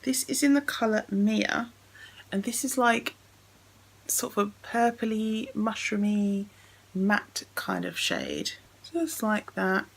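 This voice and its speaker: A woman's voice: medium pitch, very animated, slow pace, vocal fry, husky, rough recording. A woman chatting casually as she unboxes and swatches makeup, thinking aloud as she goes. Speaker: beauty vlogger.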